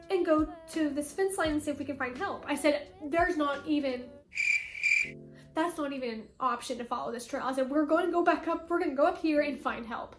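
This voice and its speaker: A young woman with a high voice tells a story to her channel, chatty and animated, acting out what each person said. The room is roomy with an echo, and faint music plays behind her. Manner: animated retelling, acting out quotes, frequent "like". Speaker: vlogger. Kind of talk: casual storytime narration.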